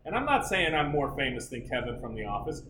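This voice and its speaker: Man, bright forceful voice, sarcastic, self-mocking, casual swearing, echoey room. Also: medium pitch, very animated, fast talker, a little hiss or hum. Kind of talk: casual comedic chat.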